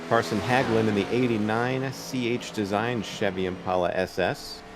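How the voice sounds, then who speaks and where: A man commentating on sim racing qualifying in a joking, relaxed play-by-play manner. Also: lowish voice, normal speed, gravelly, noisy background. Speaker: broadcast commentator.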